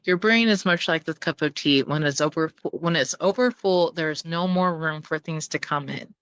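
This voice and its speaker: A woman voicing a calm, patient Buddhist monk as she tells a parable. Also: sits low, normal speed, smooth, no room sound, muffled recording.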